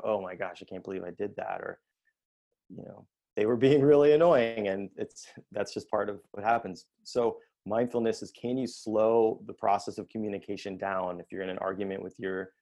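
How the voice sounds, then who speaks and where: A middle-aged man speaks as a therapist leading an online workshop. His voice sits a little low, and his delivery is calm, measured and explanatory. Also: gravelly.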